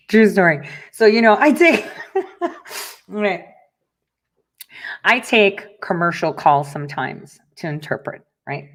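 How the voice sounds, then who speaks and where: A woman's voice: medium pitch, big pitch swings, slow, long pauses. Blunt, profane woman host ranting. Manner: blunt and profane, storytelling with laughs. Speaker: talk show host. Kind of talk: casual monologue to listeners.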